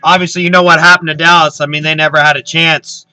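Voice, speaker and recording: A man's voice: a little high, little pitch movement, fast, pushed and bright, smooth, poor audio. A man hosting a casual sports chat, talking eagerly, repeating words and using many fillers. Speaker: host.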